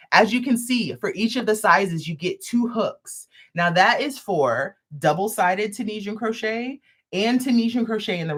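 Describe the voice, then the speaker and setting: Hosting a crochet livestream, a woman shows off a product in a live demo chat. Her medium-pitched, fairly bright voice carries playful, sassy asides.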